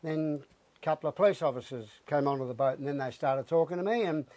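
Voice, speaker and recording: A middle-aged Australian man, an interview guest, telling his story with animated flair and acting out his own lines. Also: a little high, fast, no echo. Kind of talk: casual interview.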